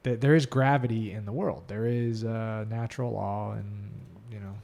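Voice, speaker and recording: A man hosting a podcast, talking in a casual, opinionated way and telling stories in a lively manner. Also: fairly low pitch, normal speed, creaky. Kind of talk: casual conversation.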